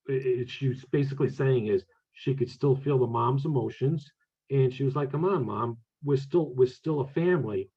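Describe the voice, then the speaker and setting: Husky man on a tinny line. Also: medium pitch. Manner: relaxed, chatty, many fillers and restarts. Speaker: medium and author, guest speaker. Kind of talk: casual talk with audience questions. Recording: tinny phone-like audio.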